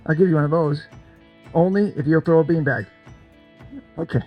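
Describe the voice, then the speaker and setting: An older man runs a cornhole game at an event, coaxing and joking with the crowd. His voice sits high for a man, and he repeats himself playfully. Faint music drifts in behind him. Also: moderate pace, lo-fi sound. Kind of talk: lively crowd banter.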